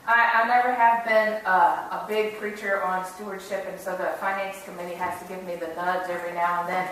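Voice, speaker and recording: A woman's voice: mid-range voice, a bit bright, far from the mic, slight background noise. Woman pastor preaching in an echoey church. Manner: conversational, earnest storytelling. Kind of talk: sermon. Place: church sanctuary.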